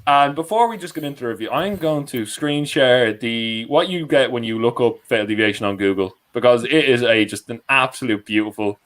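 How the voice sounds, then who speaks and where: A man's voice: mid-range voice, brisk, few pauses, a bit bright, rough recording. A young man hosting a podcast live stream, rambling and correcting himself as he introduces guests. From Ireland. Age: young adult. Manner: rambling, self-correcting, laughing often. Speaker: podcast host. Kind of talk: casual live stream chat.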